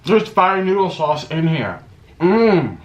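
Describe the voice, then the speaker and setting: A man hosting a chatty eating vlog at home, talking in a theatrical sing-song way that swings from loud bursts to mumbles. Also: mid-range voice, lively intonation, moderate pace. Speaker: mukbang host.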